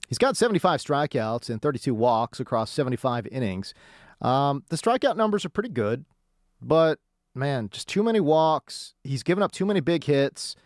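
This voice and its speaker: A man hosting a sports radio show, hyped and jokey, swinging between loud bursts and calm stat talk. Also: medium pitch, dry recording, clean studio sound.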